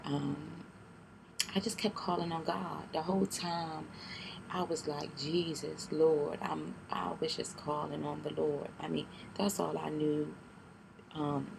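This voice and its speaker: A young woman telling a personal story in a vlog, halting and tearful, with many fillers and restarts, keeping her voice down. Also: low-pitched, little pitch movement, gravelly, noisy background. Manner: keeps her voice down. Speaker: vlogger.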